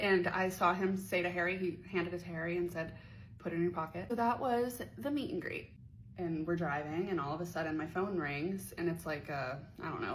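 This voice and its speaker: A woman's voice: on the low side, a little hiss or hum, rough recording. A young woman from the Pittsburgh area telling a personal story in a chatty, profane way, acting out quoted voices. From Pittsburgh area, USA. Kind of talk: casual storytime vlog.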